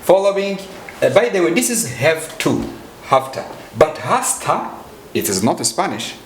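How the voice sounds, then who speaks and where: An English teacher with a lively voice gives an informal slang lesson, explaining slowly and repeating example phrases while his pitch swings widely up and down. He's recorded in an echoey room with faint ambience and a little hiss or hum.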